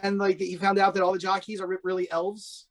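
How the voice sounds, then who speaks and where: A man's voice: sits high, level tone, fast. A man with a Baltimore accent, co-hosting a comedy podcast in a rambling, jokey way. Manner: rambling, jokey, full of "like" and restarts. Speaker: podcast co-host. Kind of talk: casual comedic chat.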